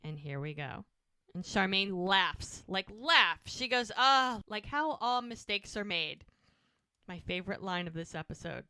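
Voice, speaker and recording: A chatty woman co-hosting a podcast, running through a TV episode and slipping into quick impressions of the characters as she laughs along. Her voice is bright and crisp. It is recorded dry and close to the mic. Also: medium pitch, lively intonation, dry recording. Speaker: podcast co-host. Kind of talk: casual chat recapping a TV episode.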